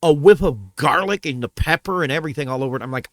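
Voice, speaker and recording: A man's voice: on the high side, quick pace, no echo. A man venting to his camera about a bad restaurant visit, heated and profane, repeating himself as he goes. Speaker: vlogger. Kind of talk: angry rant to camera.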